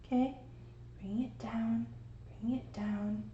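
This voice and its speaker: A woman's voice: fairly high pitch, fairly even intonation, slow pace, dark tone, slight background noise. A woman in her forties, chatty and encouraging, giving a live painting lesson. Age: 40s. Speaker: art instructor. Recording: roomy, dull sound.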